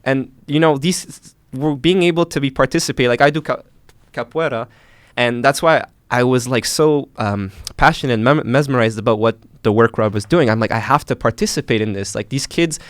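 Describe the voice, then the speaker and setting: A young man from Canada, a filmmaker earnestly retelling his arrest with animated, emotional storytelling. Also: medium pitch, normal speed, no echo. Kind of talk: emotional first-person storytelling.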